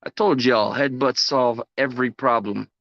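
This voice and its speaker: A man's voice: mid-range voice, fairly even intonation, moderate pace, a bit bright, dry recording. A young man rambling and joking on a live stream, loose and self-mocking, swearing freely. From United States. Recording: dull, dry home stream audio.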